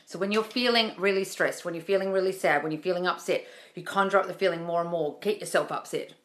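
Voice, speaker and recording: Bright-voiced woman, chatty and reassuring. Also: on the low side, fast. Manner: chatty, reassuring, calls viewers darling, swears casually. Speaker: manifesting coach answering live questions. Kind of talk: casual livestream Q&A. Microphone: phone livestream.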